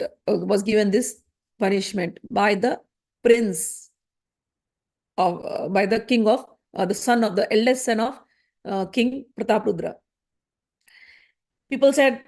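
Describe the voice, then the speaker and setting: A woman's voice: medium pitch, a little mellow. A woman retelling a scripture story in her own words, often correcting herself and acting out the characters' quoted speech. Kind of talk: unscripted spoken storytelling.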